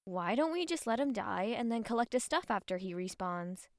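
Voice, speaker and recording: A woman's voice: fairly high pitch, animated, normal speed, no echo, studio quality. A woman voicing a cocky, crude young succubus in an audiobook, talking in a sarcastic way. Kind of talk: audiobook character voice.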